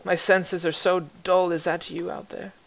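A man's voice: sits high, level tone, normal speed, vocal fry, a bit bright, voice pushed up. A man doing a frail, faint old woman's voice. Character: frail tired old woman calling from bed.

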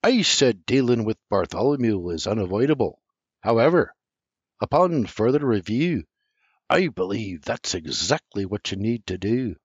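A man's voice: fairly low pitch, big pitch swings, moderate pace, husky, no room sound. An older man reading an audiobook voices a pompous father with a lofty, lecturing manner. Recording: dry, slightly muffled recording.

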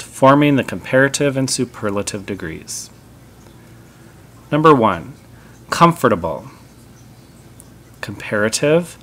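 A man teaching a grammar lesson, reading out examples slowly and deliberately. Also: fairly low pitch, a bit bright. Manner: slow, deliberate, spelling out each example.

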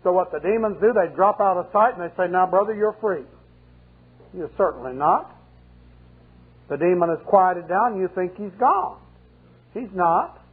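A man's voice: high voice, expressive, normal speed, husky. An older male pastor preaching a sermon with folksy, humorous storytelling. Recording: muffled 1980 sermon tape, phone-like.

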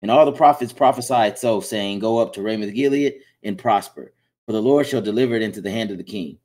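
A man reading Bible passages aloud in a plain, steady way, with small slips. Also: fairly low pitch, a little fast. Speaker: scripture reader.

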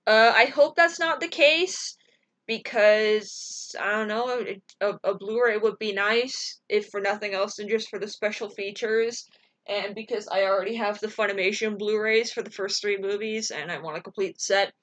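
A woman's voice: medium pitch, steady tone, normal speed, fairly bright tone. A woman vlogging a casual, rambling reaction, gushing and emotional, swearing freely and full of fillers. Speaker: animation vlogger.

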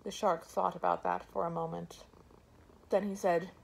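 A woman narrating a storybook tale aloud in a calm, measured way. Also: on the low side, gravelly, slight background noise, poor audio.

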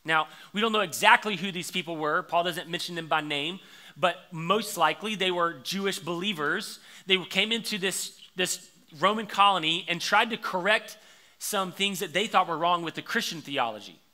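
A young man preaching a conversational sermon as pastor, shifting between quiet reflection and lively storytelling. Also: high-pitched, normal speed. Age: young adult.

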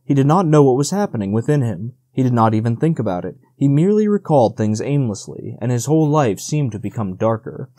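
A man narrating an audiobook in a measured, steady reading. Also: mid-range voice, no room sound.

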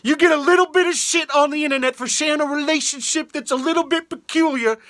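A woman's voice: high-pitched, quick pace, fairly bright tone, no room sound, studio quality. A woman voicing a jilted, indignant pet cat in a comedy sketch, scolding and sarcastic.

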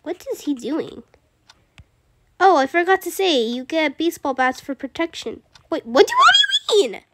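Woman voicing a shy young girl pony, very high squeaky voice, lively sing-song pitch, jumpy and easily scared, hiss of noise behind. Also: moderate pace. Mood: nervous. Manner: easily frightened, gasps and soft exclamations. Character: timid gentle young female cartoon pony. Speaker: gamer. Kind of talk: playing a video game in character. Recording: constant background noise.

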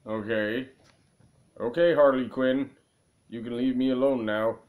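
A man's voice: mid-range voice, fairly even intonation, a little slow, phone-quality sound. A young man hosting a casual let's play video, making crude jokes and grumbling asides at the screen. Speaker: gaming video host.

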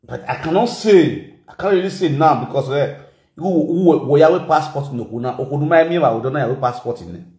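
A man hosts a casual interview, asking questions calmly and soothing his guest. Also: on the high side, brisk. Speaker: host. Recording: echoey room.

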